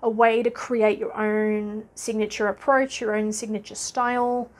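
A woman's voice: mid-range voice, level tone, unhurried. A woman from Australia with an Australian accent, talking to camera as a business coach in a chatty, upbeat way, laughing often and filling gaps with "uh". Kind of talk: casual talking-head vlog.

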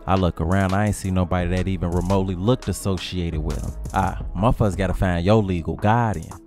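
A man's voice: deep voice, fairly even intonation, fast talker, darkish tone, soft background music. A man telling a comic story in a brash, slangy style, trading insults. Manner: brash slangy trash-talk. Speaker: comedy storyteller.

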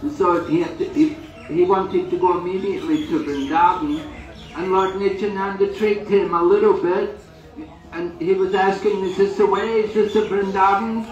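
A man's voice: a little high, recorded from a distance, muffled recording. Man telling a sacred story with echo. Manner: unhurried storytelling with acted quotes and restarts. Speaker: swami giving a talk at a holy site. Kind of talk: storytelling sermon on a pilgrimage. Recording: echoey, voice from away from the mic.

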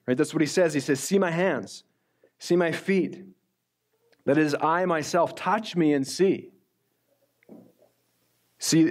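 Middle-aged man preaching conversationally. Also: fairly high pitch. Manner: conversational preaching, slows down to read scripture. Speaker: pastor. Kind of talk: sermon.

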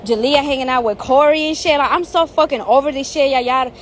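A woman's voice: high voice, brisk, slight background noise. A young woman on a phone live stream outdoors, ranting heatedly with lots of profanity and repetition. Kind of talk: angry live-stream rant. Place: outdoors in the heat.

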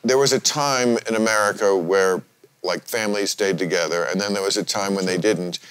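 A man's voice: low voice, brisk, fairly bright tone, clear, resonant tone. A man hosting a podcast, chatting casually with wry, needling humor. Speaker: podcast host. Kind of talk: casual chat.

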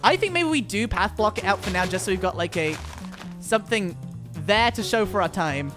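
A man's voice: high voice, moderate pace. Young guy streaming, dramatic fake rage, bouncy voice. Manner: excitable, theatrical mock outrage. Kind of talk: casual gaming stream chat. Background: game music.

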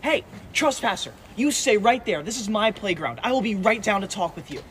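With a high-pitched, lively, slightly bright voice and a little hiss or hum in the audio, a man performs comedy as a bossy, smug teacher's pet. The kid preaches at others, whines, and is quick to threaten telling the teacher.

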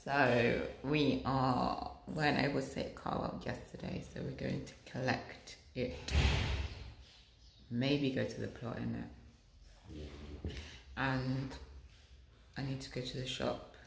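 A woman's voice: a bass voice, flat delivery, takes it slowly, vocal fry, pauses often, reverberant, a little hiss or hum. A young woman chatting casually and jokingly while vlogging her errands from the car and shops. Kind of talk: casual vlog chat. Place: car and shops during rainy season.

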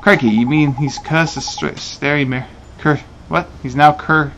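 A man's voice: a little high, fairly even intonation, a little slow, a bit bright, dull audio, faint music behind. A man voicing a cheeky, blunt male fairy sidekick in a game, in a mocking way.

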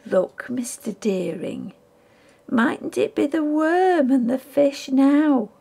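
A woman's voice: sits high, slow pace, gravelly, warm tone, voice pushed up, exaggerated voice. A woman voicing a ghoulish, gloating male collector of crime relics who talks in sniggering, gluttonous whispers, in a storybook reading.

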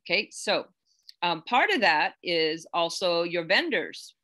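A woman's voice: fairly low pitch, very animated, unhurried, bright, forceful tone. A woman who works as a real estate agent, teaching a live online class in an earnest, chatty way with many fillers and restarts. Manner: gets emotional, close to tears.

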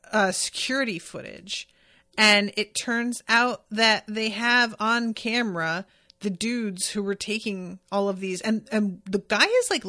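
A woman podcast host chats casually and eagerly through an episode recap, swearing freely and answering comments from her listeners. Her voice sits at an ordinary middle pitch. It is recorded close on the mic in a dry, dead-sounding space. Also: pushed and bright, no room sound. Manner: enthusiastic, swears freely, reads out chat comments.

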